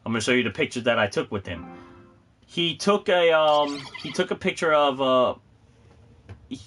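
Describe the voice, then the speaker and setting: A man hosting a casual livestream, chatting in a bright, forceful voice. He rambles excitably from one story to the next. He laughs often as he talks. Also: fairly high pitch, moderate pace, soft background music. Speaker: host of a gaming and cosplay channel.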